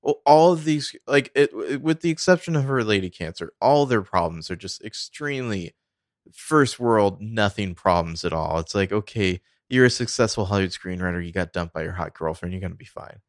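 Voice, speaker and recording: Deep-voiced man in a wry movie chat. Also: lively intonation, fairly quick, dry recording, clean studio sound. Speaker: podcast co-host. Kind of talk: casual movie review chat.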